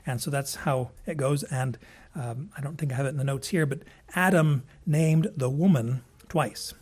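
A man's voice: mid-range voice, normal speed, darkish tone, breathy edge. A man preaching a conversational Bible teaching from his notes, with frequent restarts and asides.

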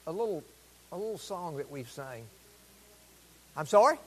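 A man preaching a sermon as pastor in a church, exuberant, with loud proclamations. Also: on the high side, expressive, moderate pace, slight background noise. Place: church sanctuary. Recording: long reverb of a church hall.

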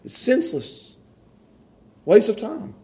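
A man's voice: extremely high pitch, very animated, slow, mellow. A man preaching a conversational sermon to his church, repeating words and restarting phrases for emphasis. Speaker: pastor.

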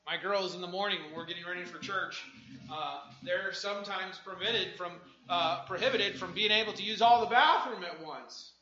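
A middle-aged man preaching a sermon with a personal testimony, swinging from hushed asides to shouted exclamations. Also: high-pitched, moderate pace, reverberant, dull audio.

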